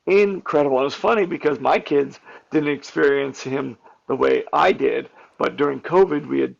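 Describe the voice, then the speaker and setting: A man, a stuntman and actor, telling candid behind-the-scenes stories in an interview, animated and full of fillers and restarts. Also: mid-range voice, moderate pace, creaky. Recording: dull lo-fi audio.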